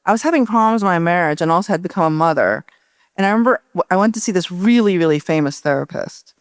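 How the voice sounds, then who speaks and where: Woman author, guest on a stage talk; animated, personal, smooth and clean on a dry mic. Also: on the low side, fast talker, no room sound. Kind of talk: onstage public conversation. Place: indoor event stage.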